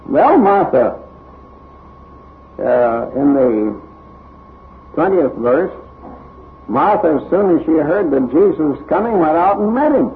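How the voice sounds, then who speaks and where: Slow, animated male preacher on tinny audio. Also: fairly high pitch, slight background noise. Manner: expressive, dramatic emphasis, unhurried delivery. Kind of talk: sermon with scripture reading. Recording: tinny narrow-band recording.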